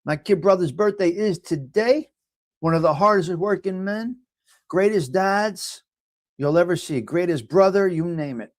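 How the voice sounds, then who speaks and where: New York guy hosting a morning show, talkative and rambling, a bit high-pitched, dry close sound. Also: measured pace, dry recording. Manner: rambling, repetitive and chatty, often addresses viewers by name. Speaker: host. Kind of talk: casual morning chat reading a horoscope and viewer comments.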